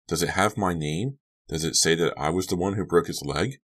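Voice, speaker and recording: A man's voice: sits low, normal speed. A man voicing a tense, defensive teenage boy whose voice rises sharply when he gets angry. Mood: irritated. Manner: rising and sharp in anger.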